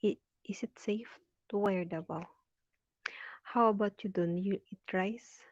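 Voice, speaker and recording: Hosting a casual live stream, a woman from the Philippines reads viewers' comments aloud and greets them by name, laughing frequently as she chats. Her medium-pitched voice is steady and a little slow, with no echo but a dull lo-fi sound.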